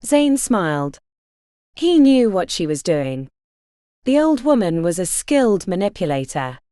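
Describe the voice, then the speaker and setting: A woman narrating a fantasy audiobook in an expressive storytelling manner. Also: mid-range voice, unhurried, no echo, studio quality.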